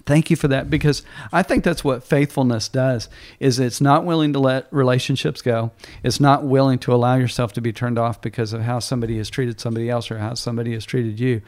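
A man's voice: medium pitch, steady tone, brisk, hardly any pauses, a little mellow. A middle-aged man hosting a faith podcast, telling stories in an earnest, casual way with many restarts. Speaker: podcast host.

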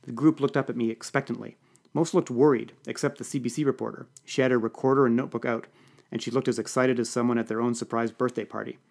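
Man reading a deadpan comic story. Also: mid-range voice, quick pace, gravelly. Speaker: audiobook podcast reader. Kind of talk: first-person comic story narration.

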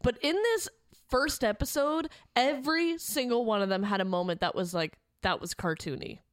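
A young adult woman co-hosting a podcast in casual chat, tossing in quick teasing jokes. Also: on the high side. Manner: jokey, quick teasing asides. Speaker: podcast co-host.

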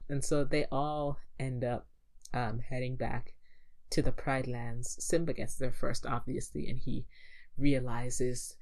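A young woman casually recapping a film, animated and acting out the characters' lines. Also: a bass voice, takes it slowly. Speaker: co-host.

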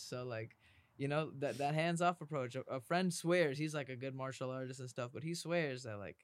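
A man's voice: medium pitch, normal speed, no echo. A man in casual podcast chat, talking earnestly and reflectively, dropping "bro" now and then.

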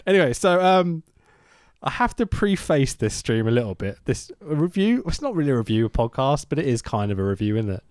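A man's voice: mid-range voice, sing-song, a little fast, darkish tone, no room sound, studio quality. A young man hosting a casual podcast chat, talking animatedly, swearing and laughing often. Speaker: podcast host.

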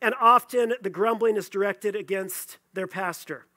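Pastor guy preaching, kinda high pitched, bright tone, jokey asides to the crowd. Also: moderate pace. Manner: conversational preaching with playful asides to the congregation. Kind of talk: sermon.

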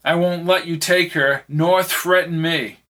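A man's voice: fairly high pitch, steady tone, unhurried, a bit bright, pitched above the performer's own voice. A man voicing a cold, smug villain who taunts his captive in an audiobook reading. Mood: taunting. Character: cold menacing man who manipulates realities.

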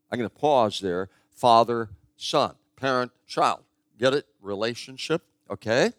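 A man's voice: medium pitch, a little slow, a bit bright, no room sound. An older man preaching a sermon in a conversational, storytelling way, stressing his key points. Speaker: pastor.

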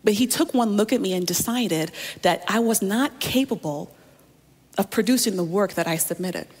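A woman pastor delivers a sermon as a personal story, often turning to her listeners with direct asides. Her voice sits in a middle pitch for a woman. The sound rings with the long reverb of a large hall. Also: moderate pace, a little mellow, husky.

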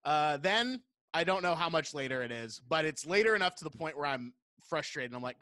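A man hosting a podcast in a casual, joking chat, his bright voice a little raised. He laughs often and swears freely as he tells a story. The sound is dry and close. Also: a little high, animated, fairly quick, no room sound. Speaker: podcast host.

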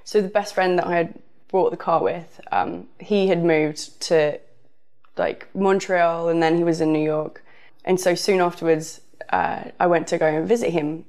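A woman's voice: lowish voice, steady tone, moderate pace, darkish tone. A woman with a southern English accent telling a casual personal story, rambling with frequent fillers. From southern England.

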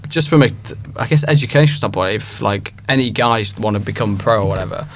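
A man co-hosting a podcast in casual chat, teasing and eager, talking in quick bursts. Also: fairly low pitch, slight background noise. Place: podcast studio.

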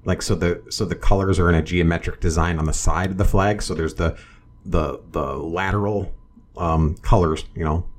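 A man's voice: low voice, fairly even intonation, normal speed, a little hiss or hum. A man co-hosting a casual political chat, talking in a sardonic, rambling way full of restarts.

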